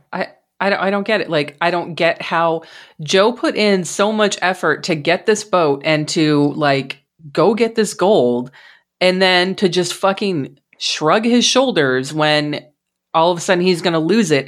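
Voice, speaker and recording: A woman's voice: fairly low pitch, a little slow. A woman hosting a podcast, recapping a film in casual chat, swearing freely and laughing in disbelief. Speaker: podcast host.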